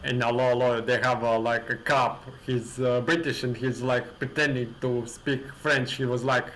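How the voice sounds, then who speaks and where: A man joining a casual livestream chat, explaining something in a halting, hesitant way. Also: mid-range voice, flat delivery, a bit bright, poor audio. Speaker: livestream participant.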